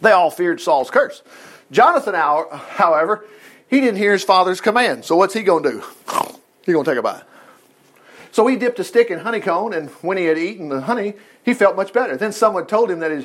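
Male Bible teacher, high voice, animated reading with digressive commentary. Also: brisk.

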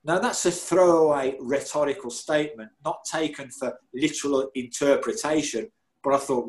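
A man's voice: on the high side, moderate pace, rough recording. Blunt self-mocking man. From Birmingham, England. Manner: blunt and self-mocking, laughing at himself, swearing freely. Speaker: former footballer telling his story. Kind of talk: candid storytelling.

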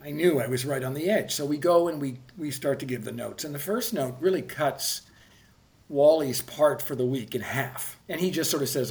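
Gravelly man telling a story. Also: fairly high pitch, expressive, measured pace. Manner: rambling, self-correcting, swears freely. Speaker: podcast guest, TV producer. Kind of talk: casual anecdotal storytelling.

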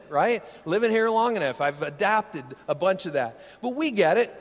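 A man preaching a sermon as pastor, his voice sitting high for a man. He speaks with emphatic, animated delivery and leans on rhetorical questions to his listeners. The sound carries a long reverb tail, as in a large hall. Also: normal speed, hardly any pauses. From Iowa.

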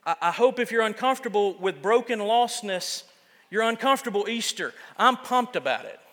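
A man's voice: high-pitched, lively intonation, normal speed, a bit bright, big-room sound. A man preaching a sermon as pastor, casual and self-deprecating, often restarting his sentences.

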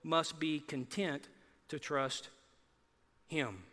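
Sermon pastor, bright high-pitched man, lively and animated, church hall reverb. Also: drawn-out words. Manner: animated, acts out biblical voices with rising emphasis. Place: church sanctuary.

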